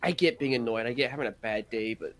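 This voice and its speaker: A man's voice: mid-range voice, fast, soft background music. A man co-hosting a casual podcast, ranting with profanity and mocking impressions of rude workers. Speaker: podcast co-host.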